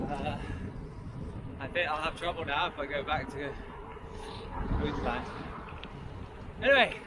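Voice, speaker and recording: A man vlogging casually as he rides a bicycle along a country highway, rambling and chuckling as he talks to viewers over wind and road noise. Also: a little slow, long pauses. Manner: rambling, chatty asides to viewers, chuckles often. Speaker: touring cyclist vlogger. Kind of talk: casual vlog narration while cycling.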